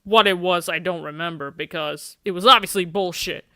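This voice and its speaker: A streamer reading a dating game aloud during a live playthrough, animated and jokey, laughing often. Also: medium pitch, moderate pace, dry recording, clean studio sound.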